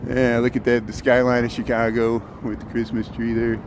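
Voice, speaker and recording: A man's voice: medium pitch, flat delivery, normal speed. A man narrating a live stream as he walks city streets, chatting and greeting viewers by name, recorded on a handheld phone. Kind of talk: casual live-stream narration while walking. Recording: loud street traffic noise.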